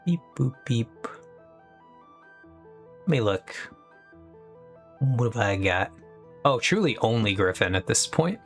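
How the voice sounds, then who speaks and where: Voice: mid-range voice, big pitch swings, unhurried, pauses often. Young adult streamer, casual rambling chat to viewers, upbeat asides, faint music under the voice. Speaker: live streamer.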